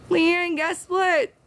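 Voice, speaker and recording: A woman from the American South with a Southern accent, hosting a casual livestream and talking to her viewers in an emotional, halting, teary way. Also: extremely high pitch, fairly bright tone, slight background noise. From Southern United States. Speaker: livestream host.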